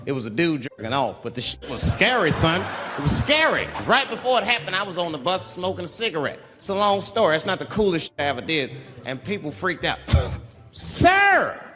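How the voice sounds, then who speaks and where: A man's voice: quick pace, big-room sound. A man performing a stand-up routine, telling a story and jumping into voices of the people in it. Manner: animated storytelling, acting out characters with big pitch jumps. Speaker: stand-up comedian.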